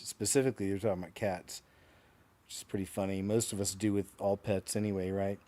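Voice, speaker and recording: A man with a somewhat low voice hosts a clip-reaction show. He keeps it loose and conversational, with offhand asides between videos. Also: little pitch movement, a little fast, dark tone. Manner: laid-back, chatty asides. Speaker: show host reacting to clips. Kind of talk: casual commentary on video clips.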